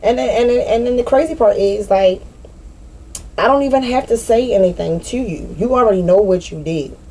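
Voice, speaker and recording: A woman's voice: medium pitch, moderate pace, darkish tone, rough recording. A woman giving a casual, unscripted spiritual monologue outdoors, blunt and profane with streetwise slang. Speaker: spiritual vlogger. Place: outdoors in nature.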